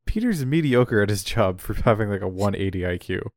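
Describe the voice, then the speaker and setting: A man's voice: on the low side, expressive, brisk, darkish tone, no room sound, clean studio sound. A young man casually recapping a tabletop game, swearing and laughing as he acts out characters' lines. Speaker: player.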